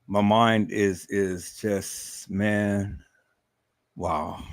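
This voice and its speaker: Male livestream host, lowish voice, dry close sound, stammering, swings from agitated outbursts to soft trailing-off. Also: lively intonation, a little slow, no room sound. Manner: stammering, repeats words, rising to agitated outbursts then trailing off softly. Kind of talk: emotional livestream commentary.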